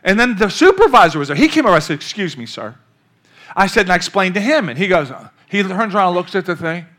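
High bright-voiced older man preaching. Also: rapid-fire. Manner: storytelling, animated, calls out to the congregation. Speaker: pastor. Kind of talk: sermon.

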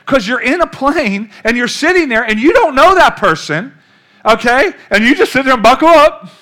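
A man's voice: very high voice, normal speed. An older man, a pastor, preaching a sermon through a long story, calling out questions to the congregation. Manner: storytelling, animated, calls out to the congregation.

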